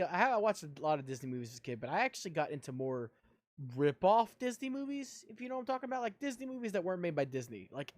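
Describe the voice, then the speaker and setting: Guy streaming a game, jokey and rambly, voice jumps all over, fairly high. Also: dry recording. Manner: joking, rambling, animated. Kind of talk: casual live-stream chat while gaming.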